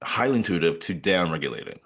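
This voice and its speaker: A man who is a counselor hosting an interview, asking curious, drawn-out questions. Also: low voice, sing-song, fairly bright tone, slightly rough. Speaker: podcast host and counselor. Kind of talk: conversational interview.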